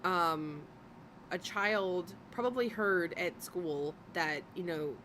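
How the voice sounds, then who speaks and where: Swearing, excitable woman reacting to a video. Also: takes it slowly, a little hiss or hum. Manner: swearing, laughing, pitch jumping high when excited. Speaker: reaction streamer host. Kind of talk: casual reaction commentary.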